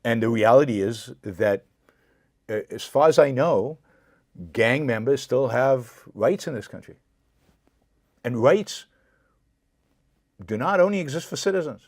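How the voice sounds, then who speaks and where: A man's voice: mid-range voice, animated, a little slow, long pauses, darkish tone, no echo, studio quality. A man hosting his own show, giving impassioned political commentary, repeating points for emphasis and answering viewer comments directly. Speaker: show host.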